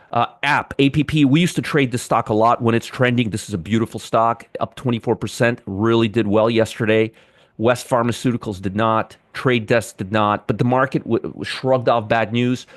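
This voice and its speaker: A man's voice: medium pitch, no echo, studio quality. Chatty man hosting a live trading stream. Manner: chatty, answers viewers by name, frequent restarts. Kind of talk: casual live-stream market commentary.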